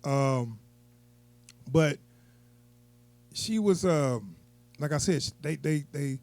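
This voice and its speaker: A man's voice: fairly high pitch, expressive, takes it slowly, gravelly, darkish tone, no room sound. A man giving a casual, unscripted movie review, rambling and chuckling as he goes.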